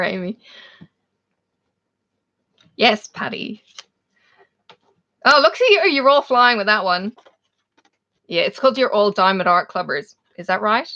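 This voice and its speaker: Irish woman, livestream host, friendly and chatty, mid-pitched, muffled lo-fi sound. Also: a bit bright. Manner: chatty, laughs often, reads out viewers' names. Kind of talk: casual live chat with viewers. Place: home, in Australia. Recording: dull lo-fi stream audio.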